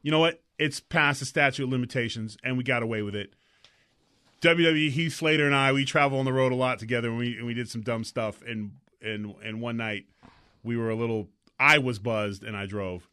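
A man co-hosting a talk show, telling rambling, animated anecdotes in casual chat. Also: mid-range voice, a little fast. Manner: slips into mock voices.

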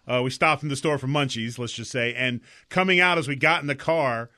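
A man co-hosting a talk show, telling rambling, animated anecdotes in casual chat. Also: mid-range voice, fairly quick. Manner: slips into mock voices.

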